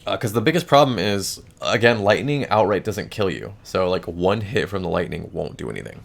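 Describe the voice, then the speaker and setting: A male streamer rambles while he plays. His low voice is gravelly and fry-laden, he swears offhandedly, and he has the hiccups. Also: normal speed. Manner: rambling, swears casually, laughs it off. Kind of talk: casual chat while gaming.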